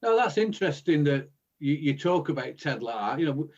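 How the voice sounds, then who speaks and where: A man hosts a club podcast and asks long, meandering questions in a friendly, casual way. His voice sits a little higher than most men's, and the recording sounds dull and lo-fi. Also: big pitch swings, brisk, a little mellow. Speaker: podcast host. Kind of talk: casual interview chat.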